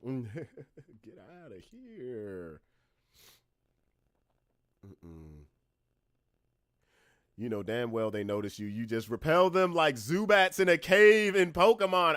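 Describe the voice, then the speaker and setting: A man hosting a casual podcast, talking bluntly and with swearing, moving between calm talk and loud, heated ranting. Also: medium pitch, slow, pauses often, no room sound, clean studio sound. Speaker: podcast host.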